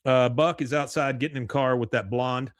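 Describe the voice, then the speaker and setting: A man casually recapping a cartoon episode on a podcast. His voice sits at a middle pitch, and his talk is loose and rambling. The sound is dry and close, with no room echo. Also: fairly even intonation, moderate pace. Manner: loose, rambling, with frequent uh fillers and crude jokes. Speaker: podcast host.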